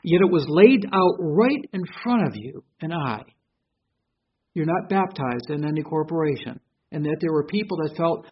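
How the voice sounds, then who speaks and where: A man preaching a sermon, swinging between loud emphasis and quiet asides, speaking into a stage microphone. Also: a little high, animated, normal speed, husky, muffled recording. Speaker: pastor.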